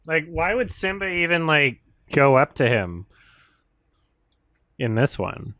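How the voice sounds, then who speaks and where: A man's voice: a little high, sing-song, takes it slowly, a bit bright, no room sound, studio quality. A male commentator giving a casual, profane and sarcastic critique of a film, sounding exasperated. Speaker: video commentator.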